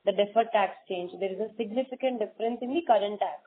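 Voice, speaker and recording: A woman's voice: mid-range voice, fast talker. A female analyst pressing precise questions on an earnings call, over a tinny phone line with faint noise. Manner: persistent, precise.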